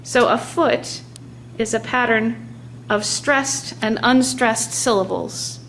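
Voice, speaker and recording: A woman teaching a lesson on poetic meter, speaking slowly and deliberately and tapping out the stressed and weak beats aloud. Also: fairly high pitch, fairly bright tone, a little hiss or hum.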